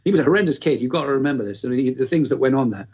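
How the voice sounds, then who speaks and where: A man's voice: mid-range voice, expressive, rapid-fire, darkish tone, slightly rough. A man from the north-east of England, an actor guest in an interview, talking frankly and rambling, with casual swearing. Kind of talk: candid interview chat. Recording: muffled lo-fi live-stream audio.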